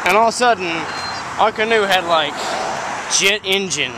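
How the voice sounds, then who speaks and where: A man's voice: high-pitched, moderate pace, very noisy. A man telling a rambling, improvised story outdoors, full of "like" fillers and repeated words.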